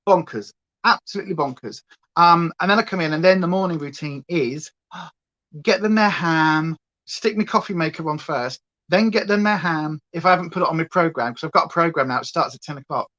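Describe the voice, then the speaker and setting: A woman's voice: sits low, fairly quick, a bit bright, highs cut off. A British woman hosting a livestream from home, chatting casually and going off on tangents. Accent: British English. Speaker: livestream host. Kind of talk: rambling casual chat.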